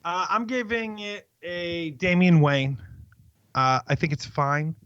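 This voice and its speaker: A man's voice: on the high side, takes it slowly, fairly bright tone, clear, resonant tone, no echo. Wry man on a podcast, dull sound. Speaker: podcast co-host. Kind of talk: casual chat.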